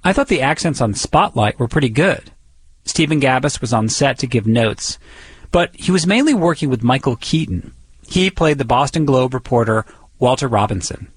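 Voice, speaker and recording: Lively husky-voiced radio reporter. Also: male voice, mid-range voice, moderate pace, no room sound. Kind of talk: radio feature narration and interviewing.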